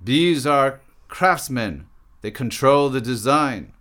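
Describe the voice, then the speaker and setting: A man voicing an excitable male naturalist who yelps and sputters, reading his own poem aloud. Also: medium pitch, takes it slowly, voice pushed up. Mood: snickering. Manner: yelping, sputtering.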